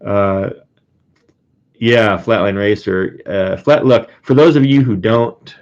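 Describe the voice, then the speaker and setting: Low-voiced man chatting on a lo-fi stream. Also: slow pace, a little mellow. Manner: rambling, chatty, reads out viewer names; frequent fillers and restarts, chuckles often. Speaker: streamer and coin collector. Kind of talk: casual live stream chat.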